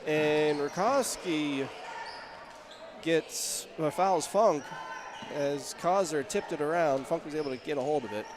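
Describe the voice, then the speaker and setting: A man calling a local high school basketball game play-by-play, chatty and getting louder on big plays. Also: a little slow, noisy background. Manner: chatty, rises in pitch and volume on big plays. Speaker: play-by-play announcer. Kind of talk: play-by-play commentary.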